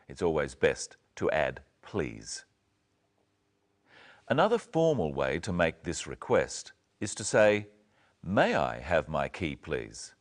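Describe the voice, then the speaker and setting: Deep, lively English teacher man. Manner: careful, deliberate modelling of phrases. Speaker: presenter of an English lesson. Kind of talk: slow, clear teaching narration.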